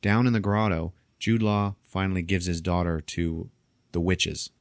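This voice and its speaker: A man hosting a podcast, recapping a film in casual chat with animated storytelling, frequent laughter and swearing. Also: low-pitched, normal speed, clear, resonant tone, no echo, clean studio sound. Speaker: podcast host.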